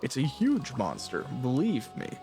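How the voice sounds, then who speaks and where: A man's voice: mid-range voice, wildly swooping pitch, normal speed, music in the background. A man voicing Cha-Cha, a small male masked creature who brags and exaggerates in broken pidgin. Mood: bragging. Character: bragging tall-tale-telling small male masked creature.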